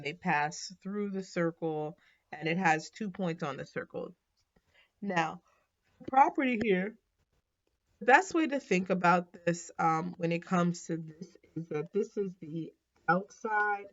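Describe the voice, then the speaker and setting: A woman explains geometry in a casual teaching voice, a little low in pitch. She thinks aloud, fills pauses with ums and corrects her own slips. The recording sounds dull and lo-fi. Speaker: math teacher. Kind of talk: casual whiteboard lesson.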